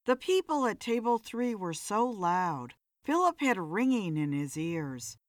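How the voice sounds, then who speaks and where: A woman narrates a scripted story slowly and with liveliness, in a mid-range voice. The recording is dry, with clean studio sound.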